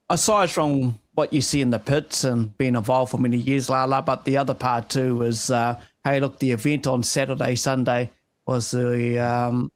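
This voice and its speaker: A man co-hosting a casual chat, asking loose, rambling questions. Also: mid-range voice. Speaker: show co-host.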